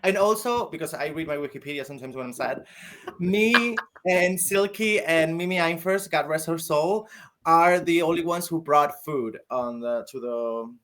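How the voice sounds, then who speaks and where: A man's voice: on the high side, normal speed, a bit bright, slight background noise. A man from Spain, a guest drag queen, chatting on a podcast in a gossipy, dramatic way with frequent laughs. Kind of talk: casual podcast chat.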